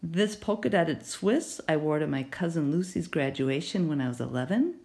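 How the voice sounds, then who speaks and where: A woman voicing a confused elderly grandmother raised on a farm, gentle and amused. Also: low-pitched, animated, moderate pace. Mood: reminiscing. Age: older.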